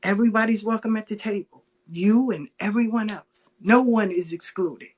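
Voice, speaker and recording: A middle-aged woman telling stories in a casual, animated chat, acting out the voices of the people she quotes. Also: medium pitch, moderate pace, husky.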